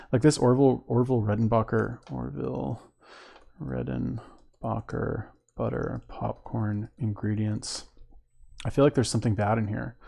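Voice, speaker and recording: A man's voice: medium pitch, gravelly, mellow, breathy edge. A man hosting a reaction video, commenting casually and hesitantly, with lots of ums and trailing thoughts.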